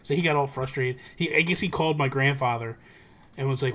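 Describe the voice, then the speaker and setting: Fast-talking animated man telling stories. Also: on the high side. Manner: rapid, animated storyteller acting out voices of family. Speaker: livestream host. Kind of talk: casual chat, storytelling.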